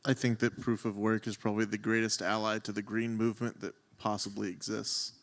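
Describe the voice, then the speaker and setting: A man on a conference panel, speaking in a measured, earnest way. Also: lowish voice, level tone, creaky. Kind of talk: panel discussion.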